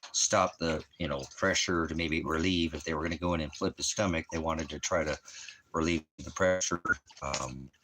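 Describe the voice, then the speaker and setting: Low-voiced man rambling casually. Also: steady tone, fairly bright tone, a little hiss or hum. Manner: rambling and halting, trails off. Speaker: vlogger. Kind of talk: casual personal talk to camera. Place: at home indoors.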